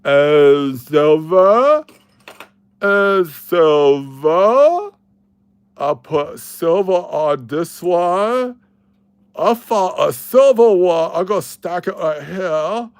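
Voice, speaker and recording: A man putting on a goofy, high, sing-song voice as a silly fellow who excitedly stacks silver coins. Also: very slow, clear, resonant tone, dry recording, exaggerated voice.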